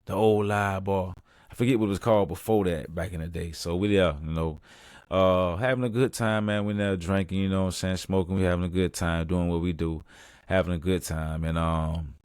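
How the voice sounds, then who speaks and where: A young podcast host tells a story in a laid-back, casual way, saying "man" constantly, with a clear, resonant voice that's brisk and fairly even in intonation. He gets loud and high when acting out the story. The recording is studio quality with no room sound.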